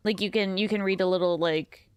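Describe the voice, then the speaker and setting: A woman's voice: medium pitch, fairly even intonation, fairly quick, smooth, dry recording. Sleepy, giggly woman streamer. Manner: rambling and giggly, talks to chat. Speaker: game streamer. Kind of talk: casual gameplay commentary.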